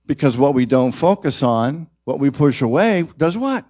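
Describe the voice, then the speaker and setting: A male minister giving a sermon at a church service, gentle and reflective, his voice rising to stress key points. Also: mid-range voice, moderate pace, no echo, studio quality.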